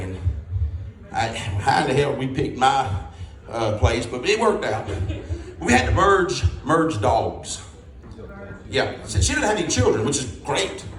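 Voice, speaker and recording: Lively high-voiced comedian. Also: male voice, normal speed. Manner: folksy rambling storytelling, punchline-driven. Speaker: stand-up comedian. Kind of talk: stand-up comedy set. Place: comedy club stage before a live audience. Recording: roomy club, distant mic, audience laughter.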